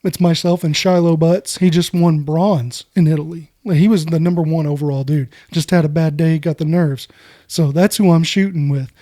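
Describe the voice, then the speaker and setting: Podcast guest: middle-aged American man, casual and animated, fairly high, mellow voice. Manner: animated, fast storyteller who keeps saying "dude". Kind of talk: casual storytelling.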